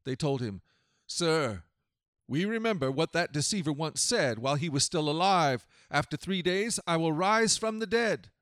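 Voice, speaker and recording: A man reading scripture aloud and then preaching, in a solemn, measured way with dramatic swells. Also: on the high side, lively intonation, fairly bright tone, dry recording, studio quality.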